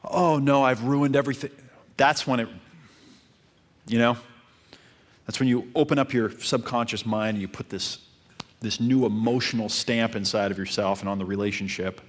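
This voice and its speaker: Calm, low-voiced male dating coach. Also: moderate pace, pauses often. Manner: calm, repetitive advice-giving. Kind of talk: coaching talk.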